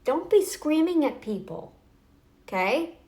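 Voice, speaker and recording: Speaking slowly in a high, mellow, very animated voice, this woman rambles through a casual talking-head YouTube vlog, full of fillers and restarts. Her tone toward the camera is snarky and taunting.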